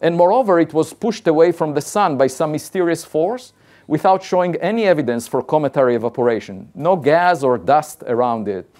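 A man's voice: on the high side, lively intonation, a little fast, a little mellow. A man, an astrophysicist, giving a conversational public science talk and building his arguments point by point in a plain-spoken, insistent way.

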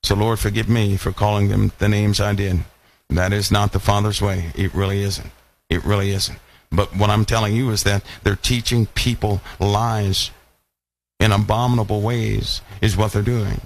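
A man's voice: fairly low pitch, moderate pace, creaky. A man preaching a live online Bible lesson, asking many rhetorical questions. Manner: animated, full of rhetorical questions.

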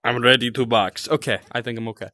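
A man's voice: medium pitch, steady tone, fast talker. A young man giving jokey commentary while playing a horror game, talking to the characters and yelping when startled. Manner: jokey, talks to the game characters, jumpy yelps. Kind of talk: casual let's-play commentary. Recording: music playing behind the voice.

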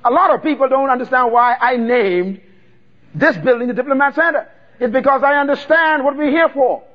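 Man, preaching, very high pitch, dull lo-fi recording. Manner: call-and-response preaching, drawn-out emphatic words. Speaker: pastor. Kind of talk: sermon.

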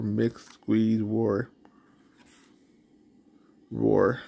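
A man's voice: fairly low pitch, fairly even intonation, measured pace, vocal fry, mellow, muffled recording. A man hosting his channel, reading a picture book aloud with roaring sound effects. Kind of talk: storybook read-aloud.

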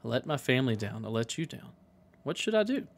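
A guilt-ridden medieval artist speaks in a plain, sincere way, as a man reads his lines aloud. The voice stays at a middle pitch and is close to his own. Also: very animated, quick pace, creaky, a little hiss or hum. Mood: sorrowful.

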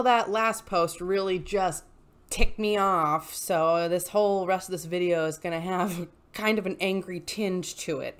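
A woman hosting a casual commentary vlog, reading posts aloud and reacting with animated, exasperated ranting. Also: fairly low pitch. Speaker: YouTube host reading posts.

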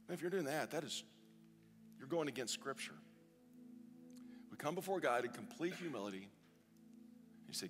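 A man preaching at a communion service in a church, earnest and deliberate, drawing out quoted scripture slowly. His voice sits in the middle of the range and rings with a long church echo. Soft instrumental music plays underneath. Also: mid-range voice, animated. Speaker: pastor. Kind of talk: sermon and communion prayer. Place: church sanctuary.

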